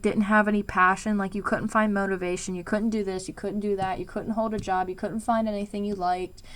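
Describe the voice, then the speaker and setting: A woman giving a casual spoken tarot reading, rambling and emphatic, with lots of fillers and frequent swearing. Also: medium pitch. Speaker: tarot reader.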